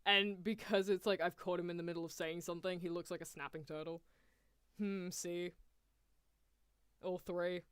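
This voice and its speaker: A woman's voice: on the low side, steady tone, fairly quick, a bit bright, clean tone, no echo. A woman streamer giving casual, giggly watchalong commentary and asking her chat questions.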